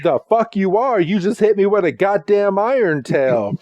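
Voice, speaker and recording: Guy putting on a snappy mad dragon creature who hates humans, a bit higher than his normal voice, dry mic. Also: animated, normal speed, no echo, lo-fi sound. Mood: indignant. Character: angry distrustful legendary dragon creature.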